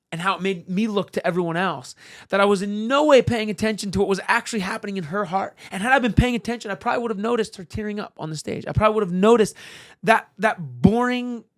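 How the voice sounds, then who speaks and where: A man's voice: high-pitched, fast talker. A man, a magician and guest, telling a personal story in an earnest, casual way, with many "like" and "um" fillers.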